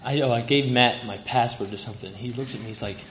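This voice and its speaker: A man's voice: medium pitch, fast, a bit bright, slight background noise. A young man speaking at a memorial, sharing fond, heartfelt stories about a family friend and chuckling through them. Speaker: family friend giving a tribute. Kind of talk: memorial tribute speech. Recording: roomy hall with faint ambience.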